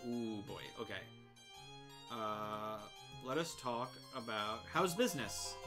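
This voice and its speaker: A woman hosting a let's play, commenting casually and reading game text aloud, full of hesitant fillers with loud swearing outbursts. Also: a bass voice, animated, slow pace, over music.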